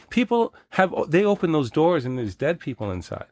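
A man from Canada, a podcast guest, telling stories in casual chat, swearing and animated. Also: a little high, fairly quick, dry recording. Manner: profane, animated storyteller.

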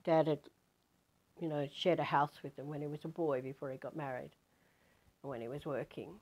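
An Australian woman over fifty from Western Australia, telling a personal spiritual story in an animated way. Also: low-pitched, moderate pace, slightly rough. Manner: animated, acts out quoted voices. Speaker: spiritual teacher.

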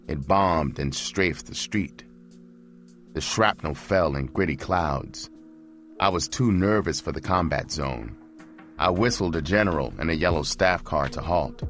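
Audiobook narrator, deep low man's voice, soft music underneath. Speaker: audiobook reader. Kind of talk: first-person narration of a memoir.

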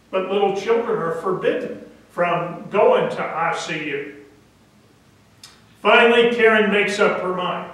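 A male pastor telling a story in a sermon, deliberate and halting now and then, recorded from a distance in a church. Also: sits high, a bit bright, heavy reverb. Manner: deliberate, with hesitant fillers. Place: church sanctuary.

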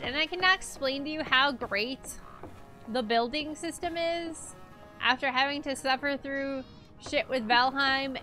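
Streaming a video game, a woman chats and giggles with her viewers as she gives casual commentary. Her voice sits high, with a bright, forceful tone.

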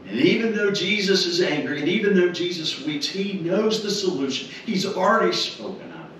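A man preaching at a funeral in a slow, deliberate cadence, his lively, rising-and-falling voice leaning on repeated words before sinking into soft low tones. He sounds fairly high for a man. He is picked up from far off in a very echoey chapel with faint room noise. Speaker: minister. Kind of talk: funeral sermon. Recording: very echoey chapel, heard from afar.

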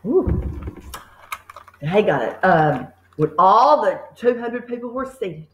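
A woman teacher reading a children's book aloud, adding lively asides to her listeners. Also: mid-range voice, roomy sound, rough recording.

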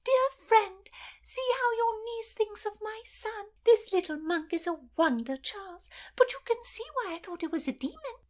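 A woman voicing a fearful, shrieking old noblewoman in a storybook reading, her voice high and squeaky. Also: expressive, moderate pace. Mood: fussing.

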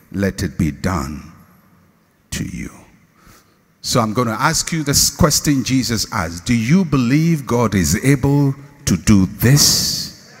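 Ghanaian preacher, slow, in a big hall. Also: male voice, medium pitch, slightly rough. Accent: Ghanaian English. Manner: preaching with dramatic swings between shouting and hushed tones. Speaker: pastor. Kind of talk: sermon. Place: large church hall. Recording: reverberant hall.

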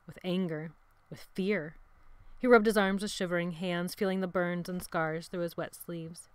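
A woman narrating a novel chapter in a steady, dramatic reading style. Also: fairly low pitch, dry recording. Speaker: audiobook narrator. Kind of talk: scripted narration.

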